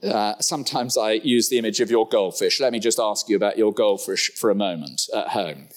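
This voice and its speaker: A middle-aged man preaches in a church, with wry humor and a voice that leaps up for emphasis before dropping back down. His pace swings between quick asides and slow, weighty lines. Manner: lively, humorous asides and sudden pitch jumps. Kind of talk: sermon.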